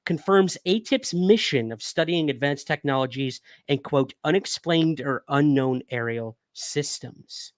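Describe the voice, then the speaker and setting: Hiccuping a bit after drinking whiskey, this young livestream host reads news articles aloud and chats casually with his viewers. He has a fairly high pitch, and the audio has no echo.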